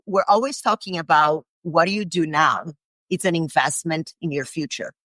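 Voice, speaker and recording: A woman hosts a fitness podcast and speaks in an earnest, candid way, now and then with a curse word. Her voice is notably low. The sound is dry and close to the mic. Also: moderate pace, a bit bright, no room sound. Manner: earnest, candid, occasional swearing. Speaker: podcast host. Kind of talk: conversational interview.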